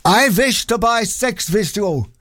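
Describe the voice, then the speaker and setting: A man voicing a stiff, formal German man with a put-on German accent, speaking slowly in clipped, overly formal phrases. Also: high voice, lively intonation, fairly bright tone, no echo, studio quality, pitched above the performer's own voice, exaggerated voice. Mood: stiffly formal.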